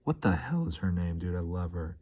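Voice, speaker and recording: Man, very low voice, laid-back rambling vlog talk, says dude a lot, excitable. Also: fairly quick, breathy edge. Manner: easily hyped, upbeat storytelling. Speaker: vlogger. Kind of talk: casual rambling monologue.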